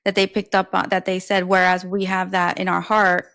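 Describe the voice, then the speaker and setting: A woman's voice: on the low side, monotone, normal speed, fairly bright tone. A woman from New co-hosting a casual podcast chat, talking reflectively and with spirit about her culture. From New York.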